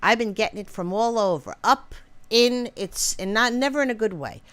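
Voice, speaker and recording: A woman's voice: on the high side, expressive, normal speed, a bit bright, clear, resonant tone, no echo. A woman chatting on a casual livestream, rambling with many fillers and greeting viewers by name. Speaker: livestream co-host.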